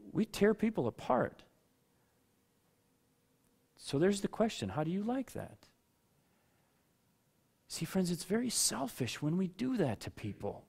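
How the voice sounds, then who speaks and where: A man's voice: fairly high pitch, creaky, breathy edge. Conversational male pastor preaching. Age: adult with children. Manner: conversational preaching, rising to loud rhetorical outbursts; calls on listeners by name. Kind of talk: sermon.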